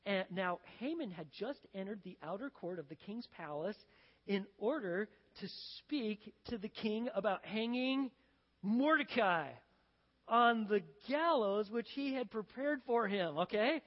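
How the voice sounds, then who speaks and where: A man preaching a sermon as a pastor, telling a story in an animated, conversational way. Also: high-pitched, a little slow. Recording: dull lo-fi sound with long hall reverb.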